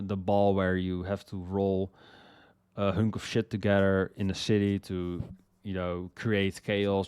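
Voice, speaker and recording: In casual music commentary, a young man with a smooth, fairly low voice gushes about songs he adores, rambling, stumbling over repeated words and cursing freely as he gets more excited. He hosts a music list, and the sound is dry and close-miked, with no surrounding room.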